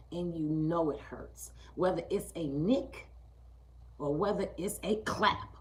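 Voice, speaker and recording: A woman hosting a live stream, speaking emphatically and repeating her points, often checking in with "okay?" and dropping low and quiet on key lines. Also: slow pace, low-quality recording. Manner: emphatic, repetitive, keeps asking "okay?". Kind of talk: live-streamed motivational talk.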